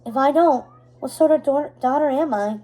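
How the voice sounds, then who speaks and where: A woman's voice: high-pitched, normal speed, mellow, close to an everyday voice, low-quality recording. A woman reading a storybook aloud, voicing a dutiful, weary young woman who speaks earnestly. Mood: pleading.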